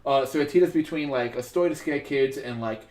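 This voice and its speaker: A man's voice: mid-range voice, brisk, a little mellow. A man hosting a sculpting livestream, chatting casually as he works, rambling with many fillers and restarts. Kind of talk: casual chat while working. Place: home studio in New York. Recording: roomy echo, faint music behind.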